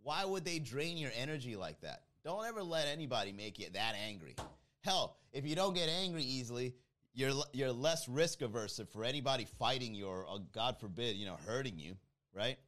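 Here the stream host's voice is medium in pitch, animated, and fairly bright, moving a little fast. He reads the chat out loud and jokes around with it loosely, breaking into frequent laughter.

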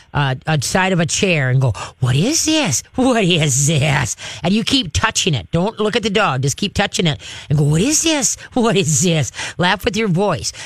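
A man hosting a call-in radio show, giving pet advice in an animated way and acting out cheerful coaching voices. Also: high voice, dry recording. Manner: animated, acts out coaching voices, laughs often.

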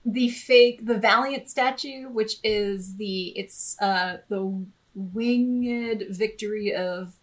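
A woman's voice: medium pitch, takes it slowly. An American woman co-hosts a casual podcast chat. She sounds enthusiastic and rambles, breaking into laughter as she goes. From United States. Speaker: podcast co-host.

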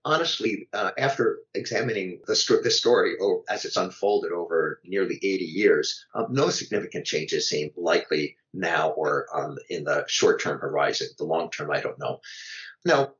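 A man, an author and guest, giving measured academic answers in an interview, with fillers and restarts. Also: low-pitched, fairly bright tone, dull audio.

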